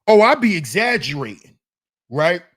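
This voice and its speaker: A woman's voice: on the low side, sing-song, normal speed. A woman hosting a reaction commentary channel, scolding and mocking her viewers and repeating lines for emphasis. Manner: slips into mock voices of the men she criticizes.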